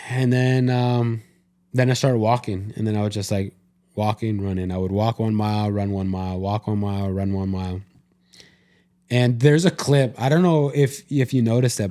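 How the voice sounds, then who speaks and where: A man's voice: mid-range voice, darkish tone. A man co-hosting a podcast, casually retelling an experience with lots of quoted self-talk and restarts. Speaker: podcast co-host. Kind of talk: casual conversation.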